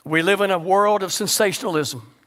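A man with a high-pitched voice preaches to his congregation. He asks question after question and drops into a quiet hush on his key words. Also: brisk. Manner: rhetorical questions, sudden drops to a low hush for emphasis. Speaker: pastor. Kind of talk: sermon.

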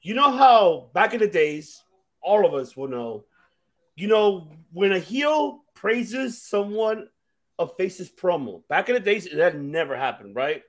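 A male host with a lively, swooping voice pitched a touch high. He asks long rambling questions, restarting often in casual chat. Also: measured pace. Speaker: podcast host.

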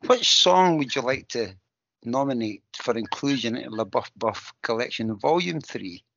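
A man's voice: medium pitch, expressive, moderate pace, gravelly, a bit bright, no room sound. Upbeat guy co-hosting a podcast, dry and a bit muffled. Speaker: podcast co-host. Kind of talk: casual podcast chat. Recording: dull lo-fi sound.

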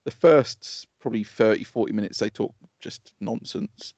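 A man's voice: on the low side, animated, normal speed, gravelly, darkish tone, dry recording. A man with an Essex accent co-hosting a podcast, telling rambling stories with swearing and laughter. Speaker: podcast co-host. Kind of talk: casual podcast chat. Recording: dull lo-fi podcast audio.

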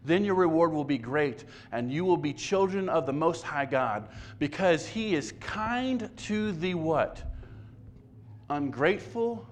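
A man's voice: on the high side, animated, a little slow. A man preaching a sermon as pastor, conversational and self-deprecating, often stumbling and repeating words.

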